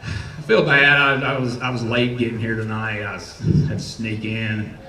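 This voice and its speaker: A man's voice: lowish voice, little pitch movement, moderate pace, bright, forceful tone, distant mic, slight background noise. A man in his forties with a Southern US accent doing a profane, rambling, self-mocking stand-up set on a comedy club stage. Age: 40s. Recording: roomy club sound from off-mic.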